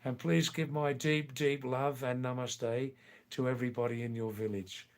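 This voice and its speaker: A man's voice: medium pitch, fairly even intonation, normal speed. An older man hosting a casual livestream, reading out viewer comments and answering them with playful, teasing asides. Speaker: livestream host.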